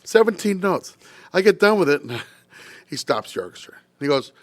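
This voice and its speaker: A man's voice: on the high side, very animated, normal speed, fairly bright tone, dry recording. An older man, a guest musician, telling a story in a podcast interview and acting out the voices of people he quotes.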